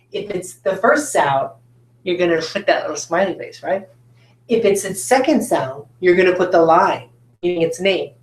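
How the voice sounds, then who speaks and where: A woman teacher leads a phonics lesson at a whiteboard, asking students questions in an encouraging, patient way. Her voice sits a little low. The recording carries the echo of a roomy classroom.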